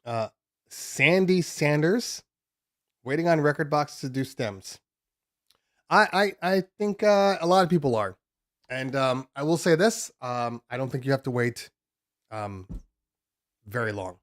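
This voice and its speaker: A man's voice: on the high side, expressive, a little slow, long pauses, no echo. Male live-stream host, loose chatty delivery, home-studio feel, dead dry sound. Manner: loose and rambling, many ums and restarts. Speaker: DJ podcast host.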